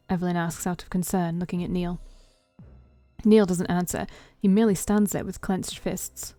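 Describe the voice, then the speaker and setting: Woman streamer, low mellow voice, expressive story-game narration with slips. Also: normal speed, dry recording, faint music behind. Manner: expressive first-person narration with self-corrections. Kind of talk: reading a story game aloud.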